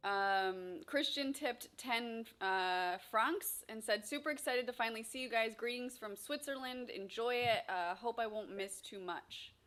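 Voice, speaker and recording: A woman co-host reading viewer tips aloud, upbeat and light. Her voice is fairly high and bright. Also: a little slow, few pauses. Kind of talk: casual chat.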